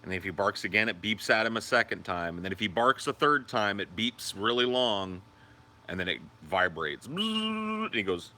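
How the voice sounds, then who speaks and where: Deep bright-toned man chatting on a stream. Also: normal speed. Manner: rambling, profane, answers viewer comments; high sing-song baby talk to his dog. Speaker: livestream host. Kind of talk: casual livestream chat.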